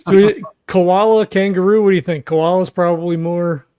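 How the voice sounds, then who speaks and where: A man talking casually as a tabletop game player, thinking aloud in halting, stop-start phrases. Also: sits high, steady tone, mellow, a little hiss or hum. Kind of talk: casual chat.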